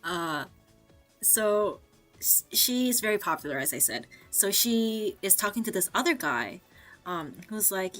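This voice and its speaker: A VTuber streamer, a woman with a medium-pitched, fairly bright voice, tells a story in casual chat at a measured pace. She's animated, swears freely, fills her speech with "like," and mimics the people she quotes, with faint music behind her.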